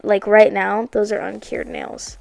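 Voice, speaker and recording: A woman's voice: medium pitch, little pitch movement, unhurried, creaky, no room sound. A woman narrating a nail art video in a chatty, playful way, correcting herself and tossing in asides. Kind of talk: casual voice-over narration. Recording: soft music underneath.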